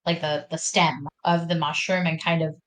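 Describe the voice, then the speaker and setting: A woman's voice: sits low, flat delivery, normal speed. A woman playing a tabletop game, describing her character's actions in a chatty, rambling way.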